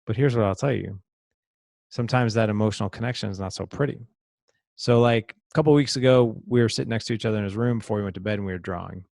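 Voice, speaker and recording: Gravelly low-voiced middle-aged man. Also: quick pace, a little mellow, dry recording, clean studio sound. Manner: earnest, reflective, repeats words while thinking. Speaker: podcast guest. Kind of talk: conversational storytelling.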